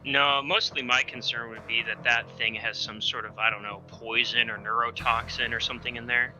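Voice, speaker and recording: A tabletop player who chats casually and fires off quick, skeptical questions. He is a man with a strikingly bright, sharp tone at a middling pitch. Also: little pitch movement, soft background music, low-quality recording.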